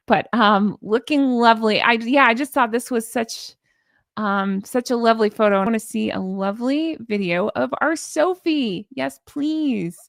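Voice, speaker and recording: A woman's voice: medium pitch, expressive, moderate pace, creaky, no echo, studio quality. A woman hosting a casual live-stream commentary, chatty and gushing as she reads viewer comments aloud. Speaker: YouTube commentary host.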